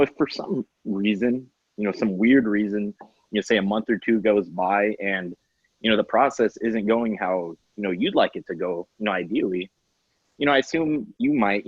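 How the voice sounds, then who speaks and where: A man rambles through a sales script on a video call, packing his lines with fillers. His low, husky voice comes across on dull, dry audio. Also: no room sound. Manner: rambling, heavy on "you know". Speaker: real estate agent practicing a script.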